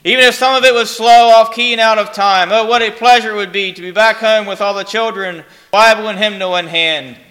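A man's voice: high voice, steady tone, a little fast, hardly any pauses, bright, forceful tone. A man preaching a dramatic sermon, telling a story with emphatic, rhetorical questions.

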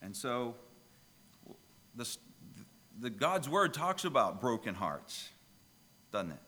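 A pastor preaching a sermon, telling a children's story with lively, emphatic delivery. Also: male voice, medium pitch, slow, in a large hall.

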